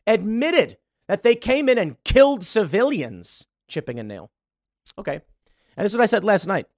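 A man in his thirties delivers political commentary as a podcast host, heated and emphatic. His pitch swings widely and sits fairly high for a man. The sound is close and dry. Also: very animated, moderate pace, dry recording. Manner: heated, emphatic, repeats words when worked up.

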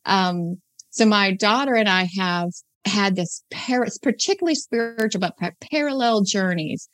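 A woman in her fifties chats as a podcast guest, laughing often and circling back on her words. Her voice sits at an everyday middle pitch. The sound is dry and close. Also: normal speed, dry recording. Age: 50s. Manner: chatty, warm-hearted, laughs often, trailing restarts. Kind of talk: casual conversational storytelling.

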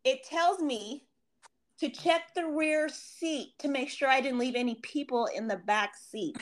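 A woman's voice: sits high, unhurried. A woman co-hosting a casual podcast, ranting heatedly with lots of swearing and acted-out quotes. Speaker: podcast co-host. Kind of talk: casual chat.

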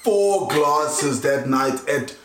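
A young man with a South African accent, chatting on a podcast in a relaxed, slangy manner full of "like" and "dude". His voice sits a little high for a man. The room around him is echoey. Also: extremely slow, background noise. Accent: South African English. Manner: laid-back slangy storytelling, lots of "like" and "dude". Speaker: podcast co-host. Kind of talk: casual storytelling chat.

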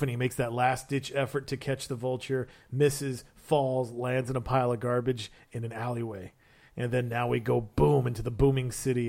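A man co-hosting a casual podcast, telling a story with lots of energy and dropping into goofy voices for the characters. His speech is loose and chatty, full of fillers and restarts. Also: medium pitch. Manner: animated storyteller, acts out quotes in funny voices. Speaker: podcast co-host. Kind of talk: casual chat, retelling a comic story.

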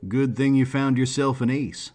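A man voicing a big, easygoing pilot with a drawl and a husky voice. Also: medium pitch, fairly even intonation, a little mellow, faint music behind, lightly acted. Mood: folksy. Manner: slow folksy drawl, colloquial.

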